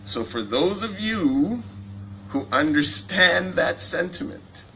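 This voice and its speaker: A man in his forties speaks from a podium microphone, taking his time and leaving long pauses. His voice is bright and forceful. He jokes at his own expense and talks about his feelings without holding back. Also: high voice, animated, vocal fry, a little hiss or hum, low-quality recording. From Canada. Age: 40s. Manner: self-deprecating, jokey, openly emotional. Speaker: company CEO giving a speech. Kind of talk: joking public speech at a launch event. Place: event hall before an audience.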